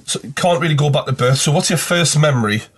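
Sweary Geordie man, slightly high voice. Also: quick pace, slight background noise. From North East England. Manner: sweary, animated storyteller. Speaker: podcast host. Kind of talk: casual podcast chat.

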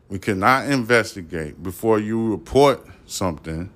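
On his own podcast, a Brooklyn, New York man talks through the news in a fairly low, somewhat bright voice at an unhurried pace. His words come out slightly slurred, and he keeps emphatically repeating points and firing rhetorical questions at the listener.

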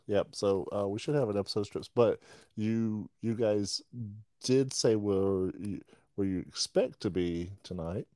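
A man's voice: fairly low pitch, measured pace, mellow, no echo, clean studio sound. A man hosting a podcast, telling rambling jokey stories and laughing often. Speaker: podcast host. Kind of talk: casual podcast banter.

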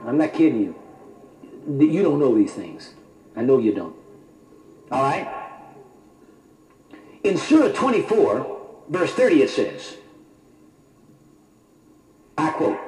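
A man preaching a sermon, quoting scripture slowly and adding mock-approving remarks. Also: mid-range voice, big pitch swings, darkish tone. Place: church. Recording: roomy church hall, faint noise.

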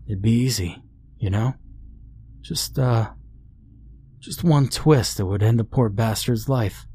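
A man playing Joe, an unhinged young friend who talks fast and insistently with a quiet menace. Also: mid-range voice, close to an everyday voice. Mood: sinister.

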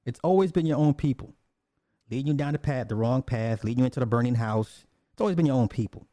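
A man ranting in casual commentary. His voice sits dark and mellow, recorded close and dry with no room sound. He talks bluntly and profanely, repeating himself and restarting lines. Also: medium pitch, quick pace, no echo.

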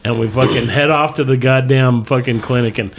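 A man telling a raunchy story on a podcast, swearing freely and chuckling as he acts out what everyone said. His pitch sits in an ordinary middle range. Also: fairly even intonation, brisk. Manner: profane, laughing storyteller who acts out quotes. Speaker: podcast host. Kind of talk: crude comedic storytelling.

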